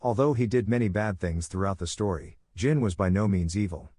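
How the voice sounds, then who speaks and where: A man reads a fan-fiction story in a steady, even storytelling voice. His register is low, and the close, dry recording has no room sound. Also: brisk, no echo. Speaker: narrator. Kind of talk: scripted fan-fiction narration.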